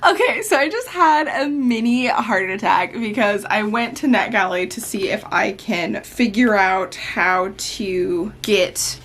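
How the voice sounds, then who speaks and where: A woman chatting casually in a reading vlog, laughing often and swinging between calm book recaps and giddy, excited outbursts. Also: mid-range voice, takes it slowly, few pauses, slight background noise. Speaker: book vlogger.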